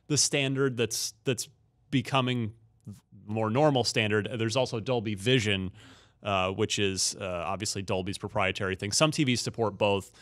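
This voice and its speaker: A man's voice: fairly low pitch, fairly even intonation, moderate pace, a bit bright. Hesitant male podcast host, casual. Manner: hesitant, hedging with fillers. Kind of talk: casual panel chat.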